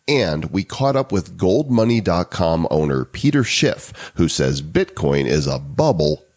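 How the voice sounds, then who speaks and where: A man's voice: low voice, very animated, a little slow, darkish tone. A man co-hosting a podcast, opening with hype and joking banter. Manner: playful, hype-style announcer delivery. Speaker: podcast co-host.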